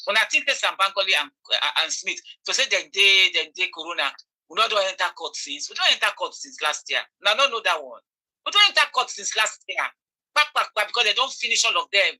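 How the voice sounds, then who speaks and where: Bright-voiced Nigerian woman pleading emphatically. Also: mid-range voice, very animated, a little fast, poor audio. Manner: emphatic, repeats phrases. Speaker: online commentator. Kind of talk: impassioned commentary.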